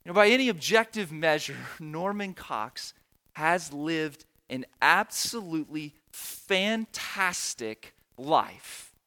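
A middle-aged pastor tells a story from the pulpit, earnest and emotional. His voice sits a bit high for a man, with a forceful, bright edge. He drives his points home by repeating phrases. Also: animated, slow pace. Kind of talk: sermon storytelling.

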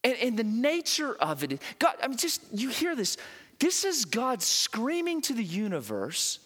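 A man preaching a sermon, animated and emphatic, often repeating words as he builds to a point, recorded in a church. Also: sits high, moderate pace, big-room sound. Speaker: pastor.

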